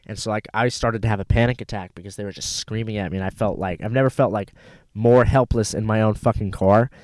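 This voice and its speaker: A man in casual chat, telling a rambling story full of swearing and animated retellings of what people said. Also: lowish voice, fast, no room sound. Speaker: rideshare driver telling a story.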